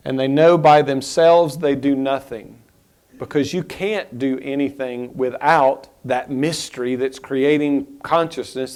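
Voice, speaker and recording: Male spiritual teacher, mid-range voice, thoughtful and unhurried, halting restarts. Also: medium pitch, clear, resonant tone. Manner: reflective, unhurried, with pauses and restarts.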